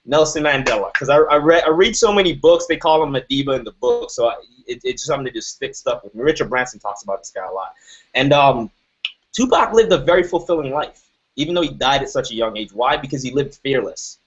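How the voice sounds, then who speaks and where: In a lively, quick, medium-pitched voice with a slight roughness, a man in his thirties gives an emphatic motivational speech. He often checks in with "right?", all captured on a dull lo-fi recording.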